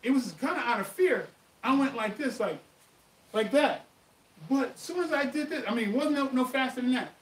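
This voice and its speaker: A man hosting a live martial arts Q&A, telling stories in an animated, emphatic way. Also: very high-pitched, normal speed, recorded from a distance. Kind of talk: live stream chat and storytelling. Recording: echoey room, voice off-mic, faint noise.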